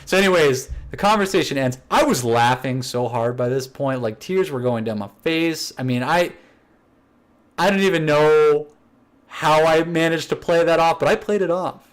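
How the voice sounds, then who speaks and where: A man co-hosting a casual podcast, telling a prank story and acting out the dialogue with lively voice changes. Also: normal speed. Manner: animated, acts out quoted dialogue with shifting pitch. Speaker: podcast co-host.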